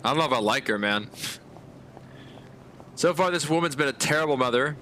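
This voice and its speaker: A male game streamer chats through casual gameplay commentary in laid-back slang, often chuckling. His voice is mid-pitched and ordinary. A clear hum of background noise sits under his talk. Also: expressive, a little fast, pushed and bright.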